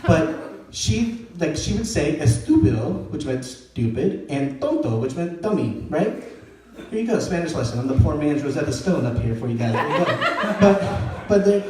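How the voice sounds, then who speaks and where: A young man with a high voice for a man tells stand-up stories, acting out each line of dialogue in an animated voice. He is caught from a distance on a stage mic, and a strong echo hangs on every word. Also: a little hiss or hum. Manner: animated storytelling, acting out quotes in shifting voices. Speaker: stand-up comedian. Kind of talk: stand-up comedy set. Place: comedy venue with live audience. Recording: very echoey room, voice far from mic.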